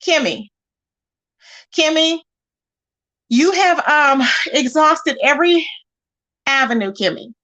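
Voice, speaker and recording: High-voiced sassy woman chatting live. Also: animated, measured pace, bright, forceful tone. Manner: chatty, sassy, greets viewers by name. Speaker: livestream host. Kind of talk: casual live chat, reading viewer comments.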